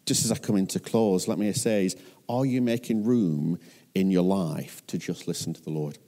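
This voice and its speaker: A man's voice: deep voice, moderate pace, warm tone. A man with a Northern English accent preaching a sermon as a pastor, earnest and often putting questions to his listeners.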